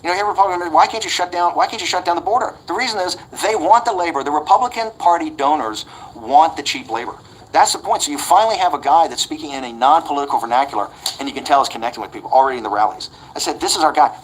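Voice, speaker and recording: A man in his sixties talks in a fast, pushy rush as an interview guest. He is blunt and combative, stumbling over repeated words as he drives his point. A faint ambient hum sits under the voice. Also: fairly high pitch, animated, poor audio. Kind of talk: animated interview storytelling.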